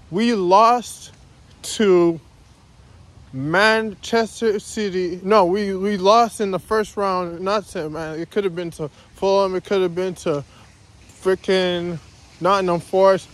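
Walking around his neighborhood outdoors, a man rants in a casual vlog, repeating himself and constantly calling out "guys." His high voice is slow with fairly even intonation.

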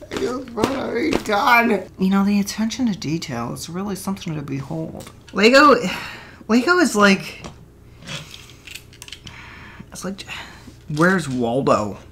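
A man's voice: high voice, a bit bright, slight background noise. Rambling, swearing young man talking to himself. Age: 20s. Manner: mutters and swears to himself, jokey asides. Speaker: vlogger building a toy kit. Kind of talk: rambling casual monologue. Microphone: desk microphone.

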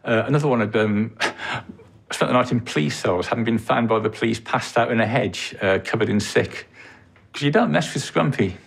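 A man's voice: mid-range voice, moderate pace, creaky, breathy edge. A man in an interview telling an amused backstage story, with many ums and uhs. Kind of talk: reminiscing interview.

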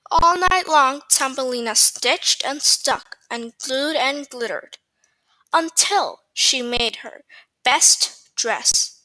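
High bright lady reading a bedtime story slow, dry close sound. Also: lively intonation, no echo, low-quality recording.

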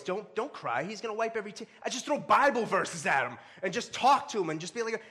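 Male pastor, high voice, casual joking sermon, reads verses, bursts into loud calls. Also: lively intonation, quick pace. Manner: casual, joking preaching with sudden loud rises; reads scripture aloud between asides.

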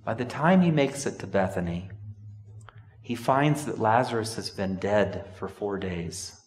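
Low-voiced man preaching in an echoey church. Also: animated, unhurried. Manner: storytelling, rising to sudden emphatic outbursts. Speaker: pastor. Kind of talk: sermon. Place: church sanctuary. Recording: echoey church hall from a distance.

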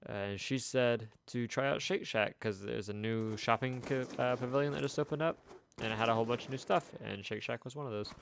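A man's voice: medium pitch, fairly quick, gravelly. A young man streaming a game, telling a long rambling story with chuckles in casual chat. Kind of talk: casual chat while gaming. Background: faint video game gunfire.

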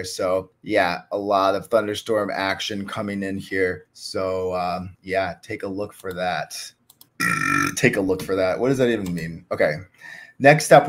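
A man hosting a cricket channel, chatting casually and jokingly over a shared screen, rambling with lots of fillers. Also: mid-range voice.

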